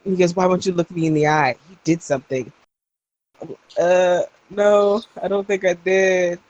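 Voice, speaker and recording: A woman's voice: on the low side, fairly even intonation, unhurried, darkish tone, dry recording, dull audio. A young adult woman co-hosting a podcast, telling a story in casual chat and acting out the people she quotes. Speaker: podcast co-host.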